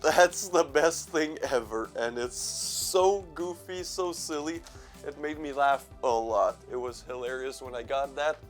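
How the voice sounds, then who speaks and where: A man's voice: mid-range voice, unhurried, soft background music. A young man hosting a casual vlog, stuffy from allergies, rambling, self-mocking, swearing and laughing as he goes. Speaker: horror movie channel host.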